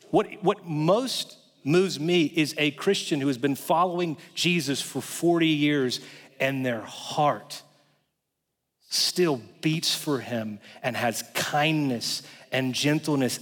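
A male pastor preaching a sermon in a conversational way, swinging between loud passages and hushed ones. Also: on the high side, unhurried. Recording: long hall reverb.

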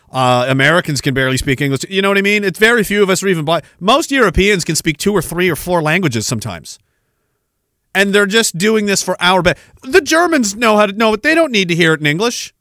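Sarcastic, profane high-voiced man. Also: sharp tone, no room sound, clean studio sound. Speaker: podcast host. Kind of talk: ranting podcast commentary.

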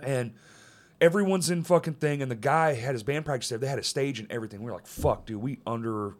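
Male podcast host, mid-pitched, casual and profane. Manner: loose and profane, quick banter, laughs often. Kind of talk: casual chat.

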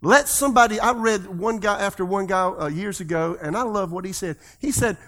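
Man, pastor, sermon, fairly high voice, animated, loud and soft swings, call-and-response. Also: a little fast, hardly any pauses. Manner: leads the congregation in call-and-response.

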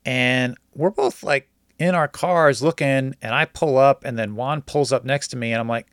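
A man spinning a casual story, animated and quick to act out each person's lines in his own voice. His pitch sits in the middle, and the sound is dry and close, with no room echo. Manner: animated, acts out quoted dialogue.

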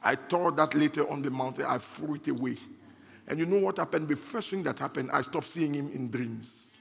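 Pastor, high gravelly voice, energetic sermon delivery in a reverberant hall. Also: male voice. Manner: preaching with rising bursts and laughter.

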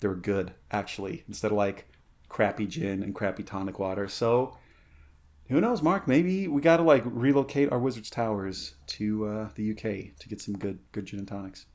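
A man's voice: lowish voice, steady tone, moderate pace, a little mellow. A man co-hosting a podcast in a casual chat, rambling with many fillers and restarts. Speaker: podcast co-host.

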